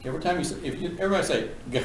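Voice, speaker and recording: Guy teaching a class, folksy n joking, kinda high voice, echoey room, mic far off. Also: very fast, a little hiss or hum. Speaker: auctioneering instructor. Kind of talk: classroom lecture. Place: classroom with students.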